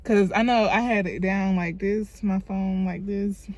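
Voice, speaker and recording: A woman's voice: mid-range voice, fairly even intonation, measured pace, darkish tone. A young woman, telling a storytime in a loose, chatty, profane way into a phone camera while doing her makeup. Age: young adult. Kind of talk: casual storytime vlog.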